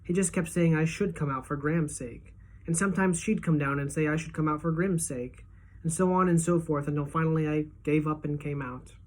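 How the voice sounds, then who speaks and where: A woman teacher reading a novel aloud to her class, giving the dialogue lively pitch and loudness shifts. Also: fairly quick. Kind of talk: audiobook-style read-aloud.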